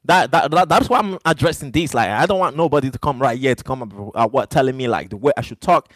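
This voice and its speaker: A man's voice: medium pitch, lively intonation, quick pace, no echo. A man speaking English as a second language, hosting a live stream and talking straight to his chat in an emphatic, repetitive way. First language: not English. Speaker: livestream host.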